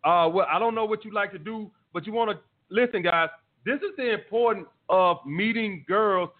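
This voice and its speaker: Man, high voice, blunt and swearing, dating advice host, phone-like sound. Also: normal speed. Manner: blunt, profane, repetitive. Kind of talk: live call-in show, answering listener messages. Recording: tinny phone-like line.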